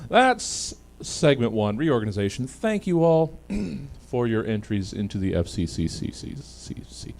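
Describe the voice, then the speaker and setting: A male comedy host with an unhurried, drawn-out delivery and a lively pitch that swings up and down. He riffs loosely and breaks into laughter between lines. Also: gravelly. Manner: loose, joking, laughs often. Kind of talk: casual comedy hosting.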